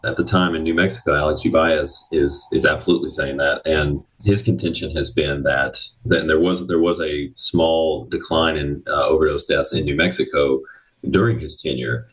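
A man with an extremely deep, low voice speaks as a guest reporter in a news interview. He talks haltingly, repeating words and restarting sentences. He sounds set back from the microphone. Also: fairly even intonation, a bit bright, distant mic, low-quality recording.

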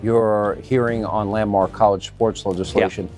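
A man hosting a cable news show, introducing a guest in a brisk, sarcastic manner and rattling off lists. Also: on the low side, steady tone, darkish tone. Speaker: TV news host. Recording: dry studio mic with faint music.

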